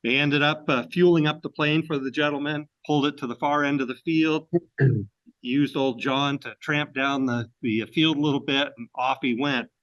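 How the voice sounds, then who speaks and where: A man's voice: mid-range voice, steady tone, moderate pace, fairly bright tone, highs cut off. A man from Maine giving a storytelling history presentation to a club, folksy and full of fillers and restarts.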